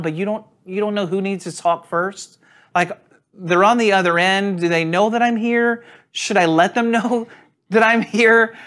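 A man preaching a sermon, telling a funny personal story in a relaxed, conversational way and laughing at himself. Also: high voice. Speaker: pastor. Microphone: on camera.

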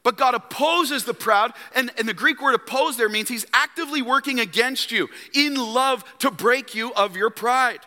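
A man's voice: very high-pitched, normal speed, few pauses, sharp tone. A man preaching a sermon as pastor, emphatic and calling on the congregation to respond. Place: church sanctuary. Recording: long hall reverb.

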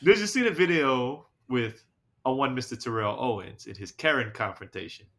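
A man's voice: mid-range voice, moderate pace, a bit bright. A man hosting a casual podcast chat, rambling with many fillers and restarts. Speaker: podcast host.

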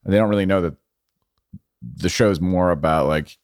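Low-voiced reflective man. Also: moderate pace, clear, resonant tone, dry recording, clean studio sound. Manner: reflective, rambling with fillers and restarts. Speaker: guest filmmaker. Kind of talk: casual conversation.

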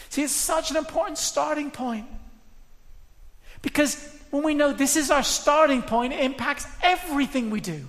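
A woman's voice: high-pitched, lively intonation, normal speed. A woman preaching a sermon in an earnest, conversational way, repeating her points for emphasis. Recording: long hall reverb.

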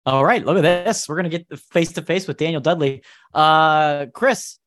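A man's voice: on the high side, normal speed, fairly bright tone, slight background noise. A man hosting a podcast, casually telling a story with laughs between phrases. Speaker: podcast host. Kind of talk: casual chat.

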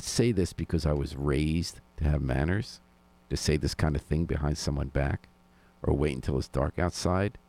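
A man's voice: rumbling low, moderate pace, darkish tone, no room sound. A man hosting a local news and music radio show from a studio, with wry, sardonic commentary. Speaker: radio host.

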